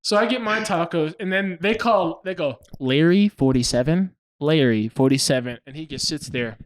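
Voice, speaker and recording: Animated young man telling a story. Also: fairly high pitch, moderate pace. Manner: animated, laughing, acts out quotes. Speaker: podcast co-host. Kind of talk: casual storytelling chat.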